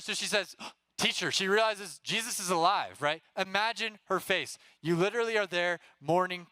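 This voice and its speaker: A young male youth pastor teaches students in a casual, energetic way and keeps asking "right?". His voice is bright and very clear, pitched a little high, with a dry, close sound. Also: no echo. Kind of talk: teaching a Bible lesson to students.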